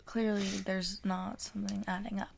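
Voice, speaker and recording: A young woman co-hosting a podcast, telling a creepy story in casual chat and dropping into hushed whispers for suspense. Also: mid-range voice, little pitch movement, moderate pace, gravelly, slight background noise. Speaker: podcast co-host.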